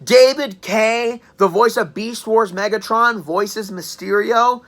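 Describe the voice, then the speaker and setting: A woman in her twenties giving a chatty, joking game review and clearing her throat now and then. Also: on the high side, slow. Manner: chatty, enthusiastic, joking asides. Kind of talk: casual spoken review.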